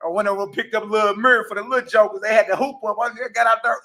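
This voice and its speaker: A man in his forties giving a casual, preachy testimony as a livestream host, slangy and animated, often asking "you dig?". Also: high-pitched, rapid-fire, few pauses. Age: 40s.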